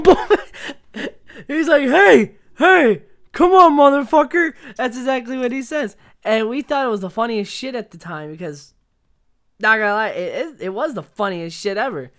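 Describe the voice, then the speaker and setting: A man's voice: high-pitched, sharp tone. A young man vlogger casually telling a story, rambling and swearing as he laughs along. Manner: rambling, profane, laughs through his story.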